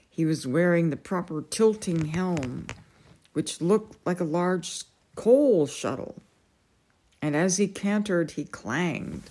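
Slow, low-voiced woman reading a story. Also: dark tone. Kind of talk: reading a novel aloud.

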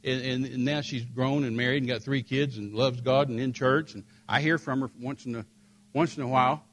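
An older man telling a story in a sermon, emphatic and rising to forceful peaks. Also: mid-range voice, fairly even intonation, brisk. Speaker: preacher.

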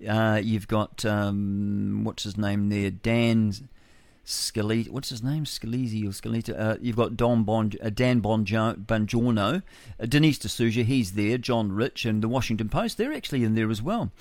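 A man's voice: fairly low pitch, unhurried, darkish tone, no room sound. A man hosting solo breakfast radio, musing aloud and reading news with chuckling rhetorical asides. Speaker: radio host. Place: home studio with a window.

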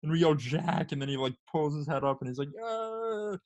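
A young man in casual chat, telling a story in an animated way with swearing. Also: medium pitch, racing. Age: young adult. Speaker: storyteller friend.

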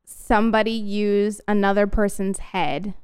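A woman's voice: medium pitch, level tone, unhurried, a little mellow, smooth. A woman co-hosting a podcast, animatedly retelling a movie plot with laughs. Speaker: podcast co-host. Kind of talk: casual movie recap chat.

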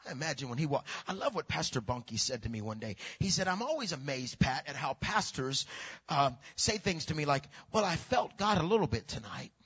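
A high-voiced man preaches a sermon, dropping to a hush and then rising to a shout while he repeats words for emphasis. His voice is bright with a husky grain. The recording sounds dull and lo-fi. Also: big pitch swings, brisk. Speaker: pastor.

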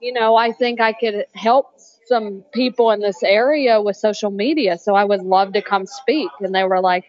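A woman from North Carolina with a slow Southern drawl, chatting upbeat as a guest on an interview. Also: medium pitch, fairly even intonation, lo-fi sound. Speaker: guest, cocktail social media creator. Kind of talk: casual interview chat.

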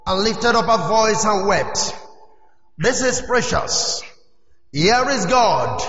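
High-voiced fervent preacher in an echoey hall. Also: male voice, sharp tone. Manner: fervent, asks the congregation if they follow. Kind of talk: sermon. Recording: echoey hall, dull lo-fi sound.

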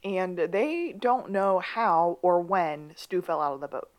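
A woman co-hosting a casual podcast recap of a TV episode, moving between high excited bursts and low asides. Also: slow pace. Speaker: podcast co-host.

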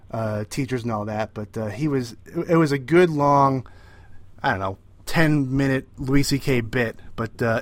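A man's voice: medium pitch, no echo. Rambling man co-hosting a podcast. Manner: rambling, many fillers and restarts. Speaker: podcast co-host. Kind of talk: casual chat.

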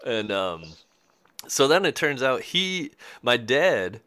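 A man's voice: mid-range voice, sing-song, slow, pushed and bright, clear, resonant tone. A man hosting a podcast, telling stories in a rambling, laid-back way. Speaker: podcast host. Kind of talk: casual storytelling chat.

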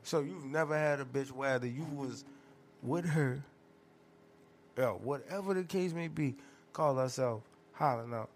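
A man hosting a podcast, telling stories in a profane, animated, rambling rant. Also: medium pitch, measured pace, a little hiss or hum. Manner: profane, animated storytelling with loud laughing outbursts. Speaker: podcast host.

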